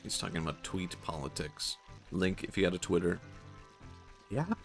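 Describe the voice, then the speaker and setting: Gravelly Swedish-accented man streaming a game. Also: sits low, animated, moderate pace, soft background music. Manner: rambling, jokey, laughs often. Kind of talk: casual gameplay commentary.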